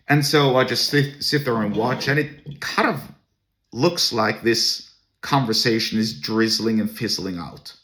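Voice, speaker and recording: A man's voice: mid-range voice, measured pace, fairly bright tone. A man hosting a podcast, telling a personal story to camera in a blunt, crude and scornful way. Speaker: podcast host.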